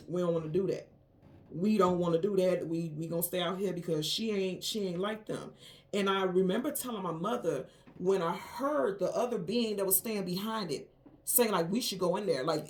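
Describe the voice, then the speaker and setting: A woman talks straight to her viewers in an emphatic, storytelling way. Her pitch sits in an ordinary middle range, and she pushes hard on key lines with rising indignation. Her delivery is casual and conversational. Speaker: tarot reader, channel host. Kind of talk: casual spoken monologue.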